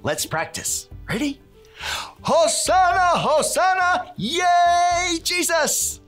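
A woman's voice: fairly low pitch, huge pitch swings, takes it slowly, a bit bright, slightly rough, faint music behind, full character voice. Cheery handyman teacher. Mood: cheerful. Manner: bouncy, cheering, tosses in Spanish words. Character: cheerful handyman who builds Bible stories. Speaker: children's Bible teacher. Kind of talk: children's church lesson.

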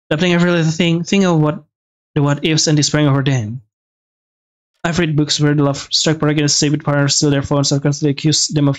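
A man reading a visual novel aloud with casual asides, halting and restarting words. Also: on the high side. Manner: halting, restarts words, reads with some feeling.

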